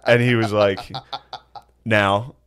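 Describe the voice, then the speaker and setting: A man's voice: lowish voice, level tone, takes it slowly, a bit bright. A man telling a childhood story in casual podcast chat, laughing often and acting out the people he quotes.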